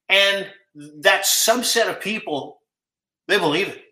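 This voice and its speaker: A man's voice: high voice, a little slow, sharp tone, echoey room, poor audio. A man co-hosting a political podcast, talking in a rambling, profane, incredulous way. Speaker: podcast co-host. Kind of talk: casual political chat.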